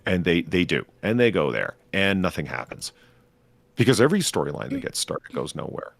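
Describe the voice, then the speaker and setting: A man's voice: low-pitched, very animated, brisk, gravelly, no room sound. A man co-hosting a casual podcast, ranting profanely and sarcastically about a movie's plot. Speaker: podcast co-host. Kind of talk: casual chat reviewing a film.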